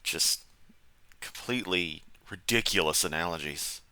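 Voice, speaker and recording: A man's voice: low voice, unhurried, bright, forceful tone, clear, resonant tone, dry recording. A man hosting a comedic reaction commentary, sarcastic, mocking and profane. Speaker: commentary channel host.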